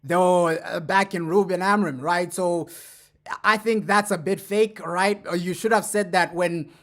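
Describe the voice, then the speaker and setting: A man giving casual fan commentary as a streamer reacting to clips, talking in a chatty way and tagging his sentences with quick asides. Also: high-pitched, steady tone, fairly bright tone. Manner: chatty, keeps adding "bro" and "right?".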